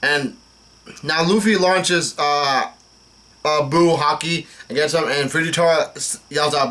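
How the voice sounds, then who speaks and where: A man's voice: fairly high pitch, unhurried, pushed and bright. A young man casually reading comic dialogue aloud and commenting, with many fillers and restarts as he goes. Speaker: manga reaction host.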